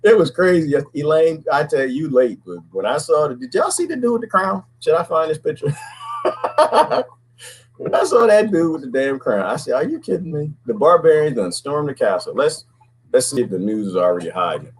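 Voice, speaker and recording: Middle-aged man, husky, swinging pitch, casual folksy host. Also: a little fast, low-quality recording. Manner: animated, folksy, laughs often, rhetorical questions. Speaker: podcast host. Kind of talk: casual talk to viewers.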